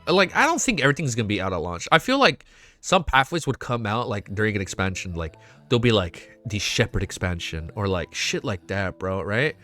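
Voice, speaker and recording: A young man chatting casually on a live stream while reacting to a web novel, excitable and swearing often. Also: lowish voice, a little fast, soft background music.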